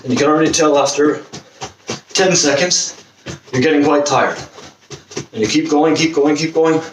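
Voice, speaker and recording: A man's voice: a little high, moderate pace. A man coaching a football fitness workout, encouraging and demonstrating the exercises as he talks, out of breath at times. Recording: roomy, distant camera mic, faint noise.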